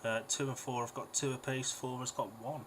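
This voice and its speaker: A man's voice: mid-range voice, little pitch movement, fairly quick, a bit bright. A British man, a co-host, giving matter-of-fact speedway line-ups and race analysis in casual commentary. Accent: British English.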